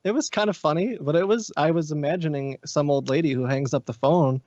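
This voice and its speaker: A man's voice: fairly high pitch, brisk, darkish tone, no room sound. Casual rambling man, dry muffled sound. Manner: loose, rambling, lots of "like" fillers. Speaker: guest. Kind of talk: casual podcast chat. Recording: dull, muffled podcast audio.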